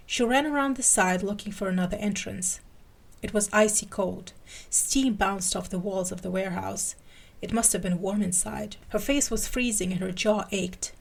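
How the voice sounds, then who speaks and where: A woman podcast host giving an expressive dramatic reading of fan fiction. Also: mid-range voice, creaky, husky.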